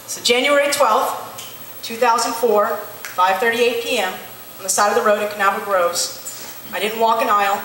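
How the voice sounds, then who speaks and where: A woman in her late twenties, a missionary, shares a candid personal testimony in a large church hall, telling her story plainly, acting out the dialogue and saying "um" often. Her voice is fairly high and a bit bright, with fairly even intonation and a moderate pace. The recording is echoey and distant, with a little hiss or hum.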